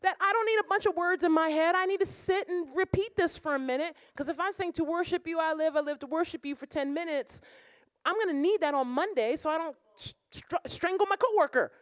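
A woman worship pastor preaching a lively sermon, laughing and breaking into song now and then. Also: very high voice, brisk, no room sound. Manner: animated preaching, bursts of laughter, sings lines. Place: church or conference room.

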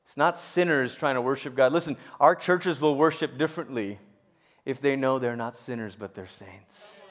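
A middle-aged pastor preaches a sermon at a moderate pace in a medium-pitched voice. He swings from loud, emphatic peaks to soft, hushed storytelling, often stammering and restarting.

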